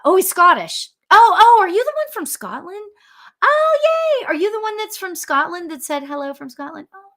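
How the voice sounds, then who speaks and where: Woman medium, high and bright, gushing and rambling through a live reading. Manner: chatty, excitable, full of fillers and restarts. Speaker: psychic medium. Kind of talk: live spirit reading for viewers.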